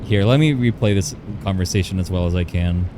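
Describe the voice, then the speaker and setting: A man's voice: low voice, fairly quick, background noise. A young man livestreaming, telling a personal story in a casual, rambling way, often restarting and correcting himself.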